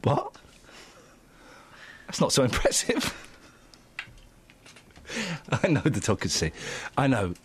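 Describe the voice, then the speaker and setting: Male radio presenter, playful banter, lively pitch. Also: slow, long pauses, slight background noise. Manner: joking, playful, laughs often.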